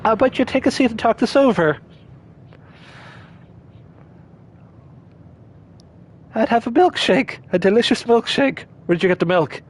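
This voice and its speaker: A man's voice: very high voice, animated, a little fast, husky, exaggerated voice, low-quality recording. A man voicing a precise, formal male machine unit that runs a cafe, reading game dialogue in clipped, clinical phrasing. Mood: polite.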